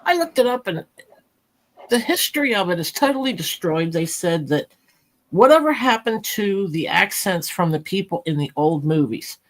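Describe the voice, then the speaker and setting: A woman's voice: fairly low pitch, very animated, normal speed. A woman with a New Jersey accent, chatting bluntly and telling stories on a live panel. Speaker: panel host. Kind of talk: casual chat on a live panel.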